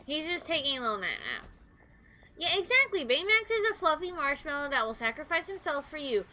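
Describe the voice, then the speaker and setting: A woman's voice: sits high, animated, a little fast, bright, forceful tone, low-quality recording. A young woman streaming a video game, rambling through casual commentary and anecdotes and swearing freely.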